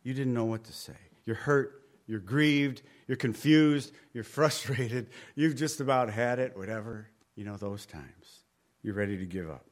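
A man with a medium-pitched voice, speaking a little slowly, preaches a Bible study sermon to a group in a room. His tone is conversational, his volume rises and falls, and at times he drops almost to a whisper.

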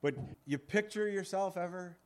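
A man's voice: sits high, moderate pace, a little mellow. Man preaching a casual Bible sermon. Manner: conversational, reads scripture aloud and paraphrases it. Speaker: pastor.

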